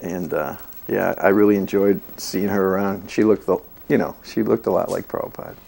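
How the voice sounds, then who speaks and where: Low gravelly man sharing anecdotes. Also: steady tone, fairly quick, a little mellow. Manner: chatty, laughs while telling stories. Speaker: devotee recalling memories. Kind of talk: casual anecdote.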